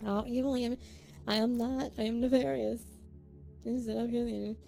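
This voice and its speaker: High-voiced, excitable woman streamer. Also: moderate pace, creaky, faint music behind. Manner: excitable, thanks viewers by name, swings between giggles and near tears. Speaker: live streamer. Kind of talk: casual live-stream chat with viewers.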